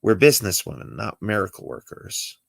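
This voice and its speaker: A man voicing two coaxing female alien hustlers in a high put-on voice during an amateur script read-through. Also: big pitch swings, fairly quick, gravelly, fairly bright tone, no room sound, clean studio sound, heavily acted.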